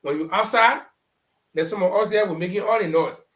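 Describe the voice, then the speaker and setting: Middle-aged Liberian male panelist, lively storyteller, echoey room. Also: sits high, brisk. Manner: animated anecdotes, acting out quoted people. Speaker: panelist on a talk show. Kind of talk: storytelling political commentary.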